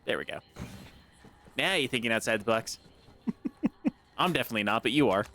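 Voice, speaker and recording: A man's voice: mid-range voice, expressive, normal speed, bright, forceful tone. A man playing a game while chatting casually, muttering to himself as he plays. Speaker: player in a let's play. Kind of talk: casual gaming chat.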